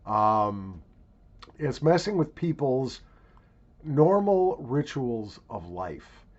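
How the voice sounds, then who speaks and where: A man talks straight to the camera in a wry, rambling way. His pitch leaps around, loud and hammy one moment and low and musing the next. The home recording sounds dull and lo-fi. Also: big pitch swings, extremely slow. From Minnesota. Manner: wry, mock-grandiose, swings from loud hamming to quiet musing. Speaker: vlog host. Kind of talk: casual rambling monologue to camera.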